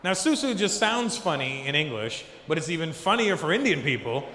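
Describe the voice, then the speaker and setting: Performing stand-up before a live audience in a large venue, a man riffs with the crowd and slips into different voices on a handheld mic. He speaks a little fast, very animated and on the high side, with a bright, forceful tone. The hall echoes, the crowd can be heard, and there's slight background noise.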